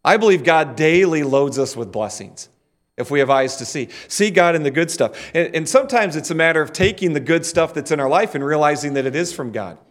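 Man preaching with a slightly high voice. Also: lively intonation, brisk. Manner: leads the congregation in call-and-response. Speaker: pastor. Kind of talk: sermon.

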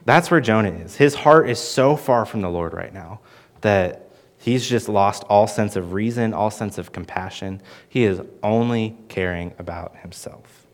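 A man teaching through a Bible passage in an earnest sermon, with lively emphasis and frequent restarts. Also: fairly low pitch, unhurried. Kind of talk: expository sermon.

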